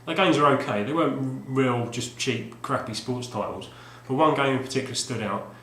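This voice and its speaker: A man chats casually on video, trailing off and restarting his sentences as he goes. His voice sits at a middling pitch. A roomy echo surrounds him, with a faint hum behind. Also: normal speed, fairly bright tone. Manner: rambling, with many fillers and restarts. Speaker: retro game collector vlogger.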